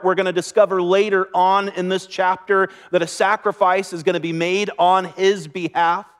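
A man preaching a sermon as pastor, earnest and conversational, with light laughter. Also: high voice.

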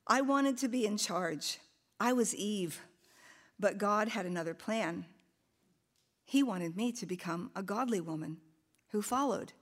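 An older woman in her sixties gives a sermon to a group of women. She talks in a lively, chatty way, laughs at her own stories, and her voice sits a little high. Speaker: women's ministry speaker.

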